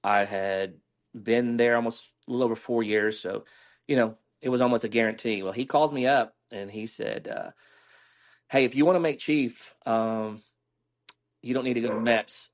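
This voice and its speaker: A man's voice: mid-range voice, moderate pace. A middle-aged man, candidly telling stories as a guest in a casual interview and acting out the dialogue he quotes.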